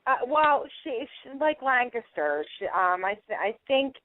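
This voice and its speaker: A young adult woman with a Philadelphia accent, chatting as a guest on a radio interview, quick to laugh and full of "like" and "you know.". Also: on the high side, very animated, slight background noise. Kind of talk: casual phone interview. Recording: tinny phone line, dry.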